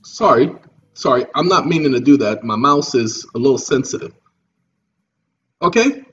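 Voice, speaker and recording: A man's voice: mid-range voice, animated, moderate pace, a bit bright, far from the mic, muffled recording, slight background noise. A man delivering a preachy, repetitive monologue to viewers from his computer desk, often checking in with "okay?". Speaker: vlogger lecturing viewers.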